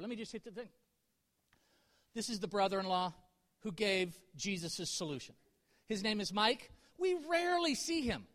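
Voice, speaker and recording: A man's voice: high voice, sing-song, moderate pace, fairly bright tone. A middle-aged man preaching a sermon as a pastor, candid and self-deprecating, building to emphatic peaks. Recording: long hall reverb.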